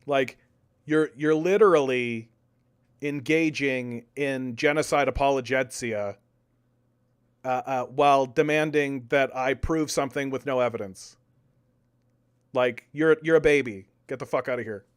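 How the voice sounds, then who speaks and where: A young man doing casual live-stream political commentary, animated, repeating words and arguing with his chat. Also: medium pitch, unhurried, clean tone. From Canada.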